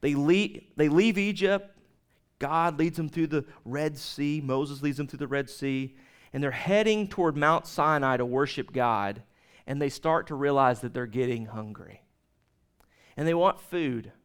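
A male pastor delivers a sermon with a fairly high, smooth and resonant voice. He tells stories in an animated, conversational way and talks straight to his listeners. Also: unhurried. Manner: conversational, animated storytelling with laughs and asides.

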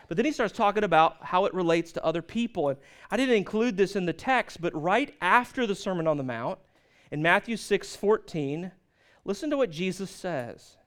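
A man's voice: sits high, animated, fairly quick, clear, resonant tone. A man preaching a sermon as pastor, telling stories and jokes and asking the listeners questions.

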